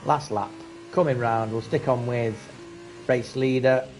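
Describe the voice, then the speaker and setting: A man's voice: medium pitch, measured pace, soft background music. Chatty man calling a sim race. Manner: casual, chatty, rising excitement at close battles. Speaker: race commentator. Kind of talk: live sim racing commentary.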